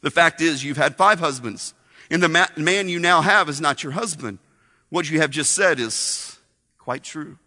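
A man voicing a calm male teacher who speaks in measured, solemn words, in a reverberant hall. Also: on the high side, pitched below the performer's own voice.

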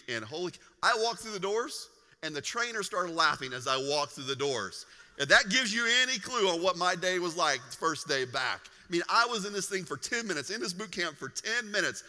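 A male pastor giving a sermon, telling a funny personal story in an animated way. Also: high-pitched, in a large hall. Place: large church hall.

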